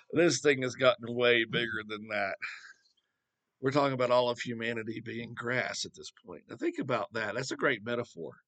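A man of middle pitch teaching from scripture in a loose, chatty way. He wanders into asides and throws out rhetorical questions as he talks. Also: moderate pace, fairly bright tone. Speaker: Bible teacher. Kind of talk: casual Bible teaching.

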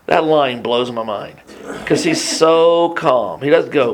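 A man preaching a Bible teaching in an animated, conversational way, often restarting his sentences and adding asides. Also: a little high, slow pace. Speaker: pastor.

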